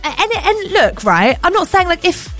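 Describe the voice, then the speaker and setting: A high-voiced woman talks on a radio show with a lot of swing in her pitch. She chats casually and gets animated, repeating words for emphasis as she rants. Faint music plays behind her. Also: moderate pace. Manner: animated, ranting, emphatic repetitions. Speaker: radio co-host.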